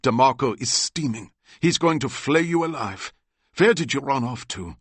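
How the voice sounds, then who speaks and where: A man's voice: mid-range voice, animated, normal speed, husky, no echo, pitched above the performer's own voice. A man reading an audiobook, voicing an old German man with a German accent who protects a boy. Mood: urgent.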